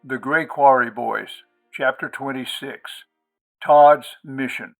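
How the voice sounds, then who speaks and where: A man hosting and narrating an audiobook in a measured, expressive way. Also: medium pitch, gravelly, faint music behind. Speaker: audiobook reader, host.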